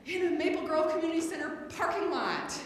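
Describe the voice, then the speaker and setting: Animated woman preaching in an echoey hall. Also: extremely high pitch. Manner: animated, acts out her own scared voice and loud outbursts. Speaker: spiritual director. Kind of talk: humorous sermon. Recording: roomy hall, voice from a distance.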